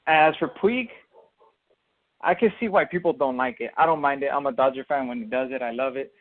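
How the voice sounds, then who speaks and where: A man's voice: medium pitch, fairly quick. A man co-hosting a casual sports podcast, explaining his take at length with lots of fillers and restarts. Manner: rambling, filler-heavy explaining. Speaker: podcast co-host. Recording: tinny phone-like audio.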